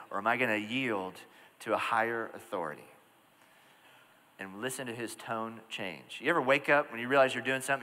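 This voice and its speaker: A middle-aged male pastor preaching a sermon, telling stories with lively asides to the congregation. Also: medium pitch. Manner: animated storytelling with asides to the congregation. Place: large church hall. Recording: church hall reverb.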